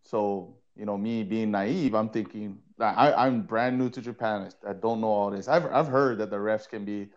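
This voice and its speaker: A man from Hawaii, co-host and former player and coach, telling stories in an animated, laughing way and often repeating words. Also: on the low side, normal speed, hardly any pauses, dull audio. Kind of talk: casual storytelling in a podcast chat.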